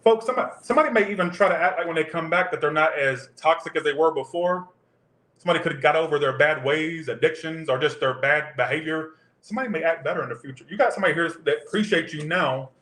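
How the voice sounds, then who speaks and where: A man's voice: on the high side, fast, a bit bright, roomy sound. A man giving a casual tarot reading, rambling off into profane tangents. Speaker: tarot reader.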